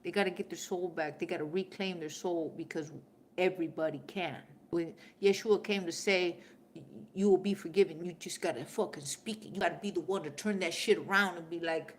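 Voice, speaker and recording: A woman's voice: fairly low pitch, brisk. Fiery, profane woman streamer. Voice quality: profane, fiery, swings from loud to hushed. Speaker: livestream host reading viewer comments. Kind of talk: casual spiritual livestream chat.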